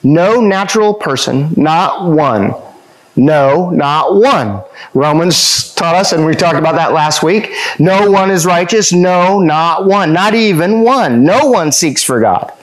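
A man with a fairly high voice delivers a sermon. He drives each point home with rhetorical questions and repeated phrases, rising in pitch as he presses them. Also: animated, slow, low-quality recording. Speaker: pastor.

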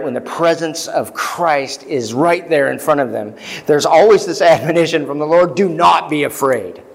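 Pastor preaching in a reverberant hall. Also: male voice, fairly high pitch. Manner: conversational preaching with fillers and asides; reads scripture aloud with rising emphasis. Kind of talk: sermon. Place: church sanctuary.

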